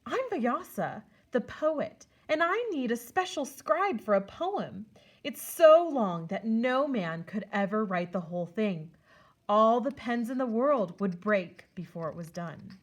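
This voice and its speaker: A woman's voice: a little high, animated, a little slow. A woman voicing an old male poet who is kindly and wise, in a storybook read-aloud.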